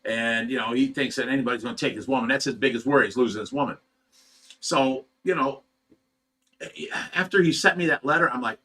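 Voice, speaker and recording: At medium pitch and a brisk pace, with a pushed, bright voice, a middle-aged man from Ohio, USA, unloads at home in a casual but agitated monologue. He runs a fish rescue and stumbles over words he repeats.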